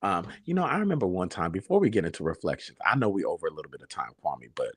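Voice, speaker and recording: A man's voice: sits low, sing-song, racing, fairly bright tone, husky, no echo, studio quality. A man hosting a talk show, telling stories and giving a preachy, sassy reflection that calls listeners baby. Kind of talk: casual talk show monologue.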